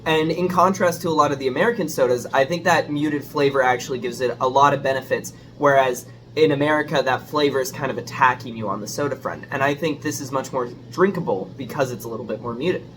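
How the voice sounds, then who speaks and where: A man's voice: medium pitch, fast talker, hardly any pauses, fairly bright tone, a little hiss or hum. A man chatting casually as a food reviewer, rambling and hesitant, self-deprecating as he hunts for words, with a dishwasher running in the background. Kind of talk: casual home review vlog.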